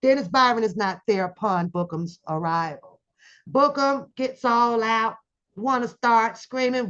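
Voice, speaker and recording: Slow-talking animated woman commentator, lo-fi sound. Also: fairly high pitch. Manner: animated storytelling, acts out quoted voices. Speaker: commentary channel host. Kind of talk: casual drama commentary.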